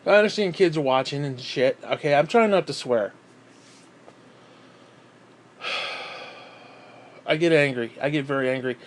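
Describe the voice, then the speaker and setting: A man's voice: fairly high pitch, a little slow, long pauses. Fired-up man ranting, cursing freely. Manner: angry, profane, sarcastic ranting. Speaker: gaming channel host. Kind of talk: ranting game review.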